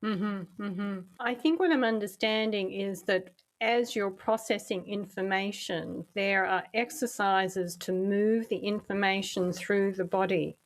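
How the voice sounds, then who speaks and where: A woman's voice: mid-range voice, measured pace, few pauses. A woman hosting an interview podcast, encouraging and affirming toward her guest. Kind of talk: interview conversation.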